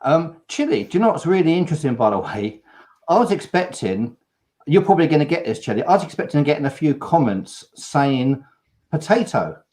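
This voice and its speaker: A man's voice: fairly high pitch, very animated, fairly quick, darkish tone. A man hosting a live online chat, upbeat and reading out viewer comments. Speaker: host of a live cruise chat. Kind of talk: casual live-stream chat.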